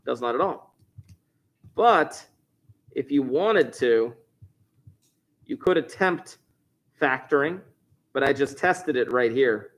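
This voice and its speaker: A man's voice: mid-range voice, animated, slow pace, long pauses. A man teaching a math review lesson, chatty and jokey, thinking aloud as he works through problems. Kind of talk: recorded class review lesson.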